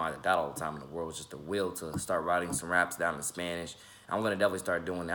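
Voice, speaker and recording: A young man in his twenties talks loosely to his viewers in a deep voice. His tone has a bright, forward edge, and he rambles, trips over his words and fills gaps with ums and repeats. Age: 20s. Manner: rambling, stumbles and repeats words, many fillers. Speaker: independent rapper and YouTuber. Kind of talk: casual vlog talk to the camera.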